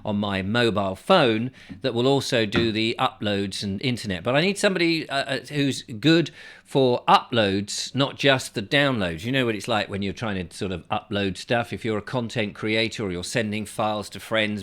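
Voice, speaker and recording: A man's voice: fairly low pitch, fairly bright tone. A man hosting his own vlog, telling a story in a rambling, chatty monologue full of wry asides. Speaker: vlogger, show host. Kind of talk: casual to-camera monologue.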